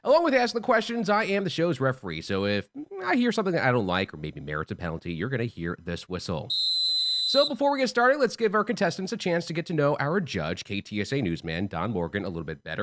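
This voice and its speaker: A man's voice: wildly swooping pitch, fairly quick, fairly bright tone. A man hosting a radio debate game show and refereeing it in a playful announcer style. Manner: playful announcer delivery, big swings in pitch. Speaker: host and referee.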